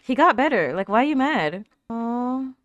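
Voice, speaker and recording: Lively, high-voiced woman reacting. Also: normal speed, no room sound, lo-fi sound. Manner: talks back at the screen, chatty, lots of fillers; laughs often and coos at cute moments. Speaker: anime reaction host. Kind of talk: casual reaction commentary.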